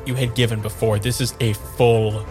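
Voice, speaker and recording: A man's voice: medium pitch, little pitch movement, moderate pace, music in the background. Casual, rambling game master man. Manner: casual, rambling with many fillers. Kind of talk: narrating a tabletop game.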